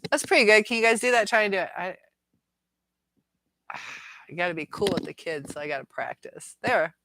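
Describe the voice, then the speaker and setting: A woman's voice: medium pitch, lively intonation, brisk, background noise. A middle-aged woman hosting a casual live chat, reading viewers' comments aloud and musing on them with frequent laughs. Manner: chatty, laughs often, muses aloud.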